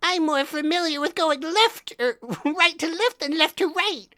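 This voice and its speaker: A man putting on the voice of a smug, nerdy young anime-style man, nasal and squeaky, as a comic bit during a podcast chat. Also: a little slow, bright, forceful tone, heavily acted.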